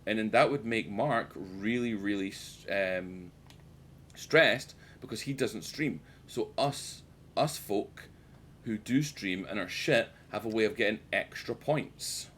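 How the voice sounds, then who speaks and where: Low-voiced British man streaming a game. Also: slow, a bit bright, slight background noise. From United Kingdom. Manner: rambling, joking, swears freely, chats to viewers. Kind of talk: casual gameplay commentary.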